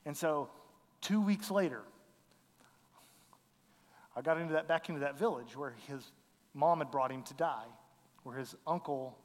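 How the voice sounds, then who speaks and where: A man's voice: fairly high pitch, a little slow, pauses often, big-room sound. A man, earnestly telling a mission story to a congregation, acting out the dialogue. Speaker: missionary speaker.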